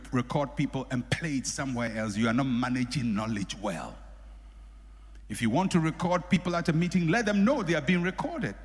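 A middle-aged man preaching a sermon as a pastor, animated, acting out the people he quotes. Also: on the high side. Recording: long hall reverb.

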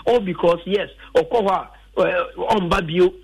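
A man's voice: high voice, measured pace, vocal fry, husky, rough recording. A man with a Ghanaian accent talking football as a radio pundit, emphatic and sliding between English and a local language. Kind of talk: radio sports talk.

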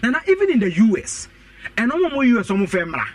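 A man's voice: very high voice, big pitch swings, fast talker, no room sound, far from the mic. A man with a Ghanaian accent arguing politics on a radio talk show, switching between Twi and English, emphatic and repetitive. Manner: mixing Twi and English, emphatic, repeats points. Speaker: political guest. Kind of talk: animated political debate.

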